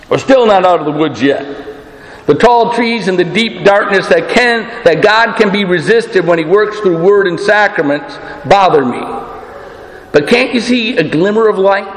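A man preaching a sermon as pastor, emphatic and deliberate, with rhetorical questions. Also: high voice. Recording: echoey room with long reverb.

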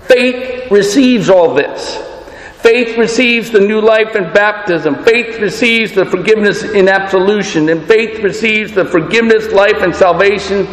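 A man's voice: high voice, a little slow, echoey room, long reverb tail, poor audio. A man preaching a sermon as pastor, earnest and emphatic, posing rhetorical questions.

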